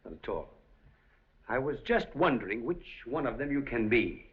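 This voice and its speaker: A man's voice: medium pitch, very animated, normal speed, slightly rough. A man playing a suave, scheming casino operator in a 1930s film, urbane, dryly amused and coolly threatening. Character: suave scheming male casino operator, older, smooth and commanding. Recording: dull old film soundtrack.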